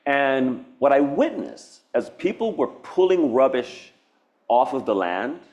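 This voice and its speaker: A man's voice: mid-range voice, sing-song, slow pace, a little mellow, highs cut off. Man musing in a meandering artist talk. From Hawaii. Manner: meandering, nonlinear, with frequent restarts and laughs; reflective, earnest. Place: university event space.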